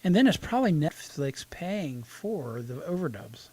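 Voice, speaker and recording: A man's voice: on the high side, big pitch swings, unhurried, warm tone, slightly rough. A man co-hosting a casual podcast, chatting and throwing in dry quips. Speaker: podcast co-host.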